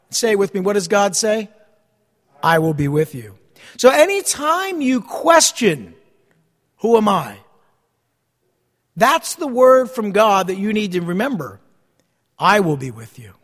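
A man preaching a sermon as pastor, repeating key phrases with dramatic pauses. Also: high voice, a bit bright, in a large hall.

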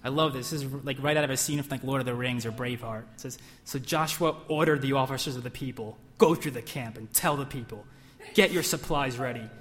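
A man's voice: medium pitch, quick pace, hardly any pauses, fairly bright tone. Emphatic male preacher in a reverberant hall. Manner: emphatic, call-and-response questions, acts out whispered lies. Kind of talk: sermon. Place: church hall.

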